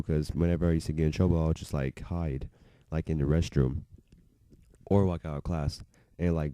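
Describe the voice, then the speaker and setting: A young male vlogger rambles through a personal story, loose and full of fillers, often breaking into laughter. His very low, deep voice is dark, mellow, smooth, and resonant. The sound is close and dry, with no room sound.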